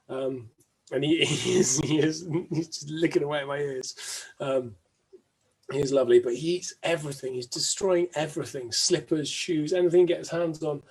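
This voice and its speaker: A man's voice: a little high, a little mellow, husky. A man hosting his own weekly live stream from home, chatting unscripted and rambling with plenty of ums and restarts. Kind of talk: unscripted casual monologue.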